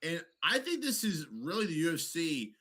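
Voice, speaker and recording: A man co-hosting a podcast, chatting about fights in an animated, profane way and slipping into mock voices. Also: fairly high pitch, normal speed, husky. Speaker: podcast co-host. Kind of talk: casual sports banter.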